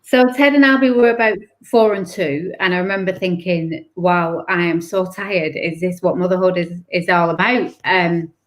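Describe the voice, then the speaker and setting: A woman's voice: on the low side, steady tone, normal speed, hardly any pauses. A woman, a guest author telling her personal story in an interview, candid and emotional with many restarts.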